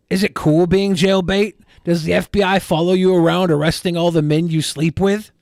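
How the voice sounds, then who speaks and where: A man's voice: high-pitched, steady tone, moderate pace, vocal fry, few pauses, darkish tone, no room sound, studio quality. A man co-hosting a podcast, reading messages aloud in casual, crude and sarcastic chat. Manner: sarcastic, crude, reads aloud with mock emphasis. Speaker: podcast co-host.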